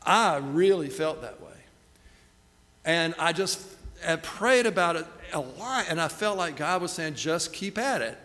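A man's voice: fairly high pitch, animated, measured pace, sharp tone. A middle-aged man telling a self-deprecating story in a sermon. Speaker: pastor. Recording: long hall reverb.

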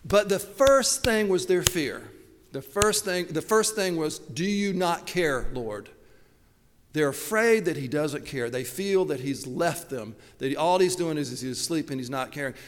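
Animated preacher in a reverberant hall. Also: male voice, a little high, normal speed. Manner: conversational, animated storytelling with asides and laughs. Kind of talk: sermon.

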